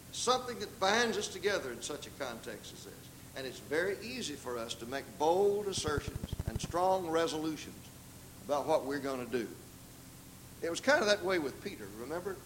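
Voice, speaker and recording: A man's voice: fairly bright tone, a little hiss or hum, low-quality recording. An older man with a Southern US accent preaching a sermon in a dramatic way, acting out the voices he quotes. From American South. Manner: dramatic, acts out quoted voices with big pitch leaps.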